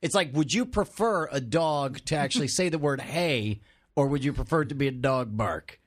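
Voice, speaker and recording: A man's voice: medium pitch, animated, normal speed. A man co-hosting a podcast in casual chat, wry and hesitant with "uh" fillers.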